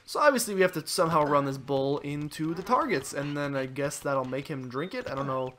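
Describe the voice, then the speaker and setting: A young man giving casual, jokey let's play commentary, excitable and talking to the game figures. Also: a little high, brisk, a little hiss or hum. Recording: voice over loud game music. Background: game music.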